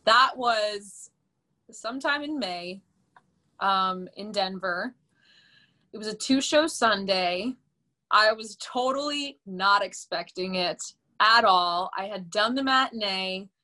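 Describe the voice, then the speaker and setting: A young woman in her twenties, a podcast guest, telling a story in a casual, animated way with lots of fillers. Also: mid-range voice, slow pace. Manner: animated and chatty, many fillers, laughs often. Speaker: podcast guest, musical theater performer.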